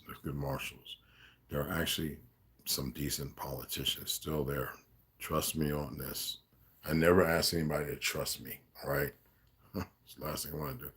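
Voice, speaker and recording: A man's voice: rumbling low, breathy edge. A man talking casually on a livestream, blunt and preachy, swearing freely, with many fillers. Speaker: livestream vlogger. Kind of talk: casual rambling livestream talk.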